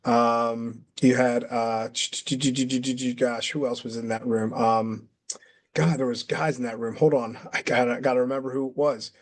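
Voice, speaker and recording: A man's voice: mid-range voice, fairly even intonation, a little slow. A man guest in a casual interview, telling a long story with many restarts and acted-out quotes. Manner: rambling, restarts, acts out quotes. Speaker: interview guest, former wrestler.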